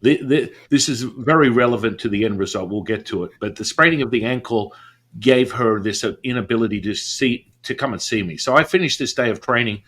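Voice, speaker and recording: A man being interviewed, telling a story in an animated way and acting out the voices of people he quotes. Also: mid-range voice, a little fast. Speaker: podcast guest.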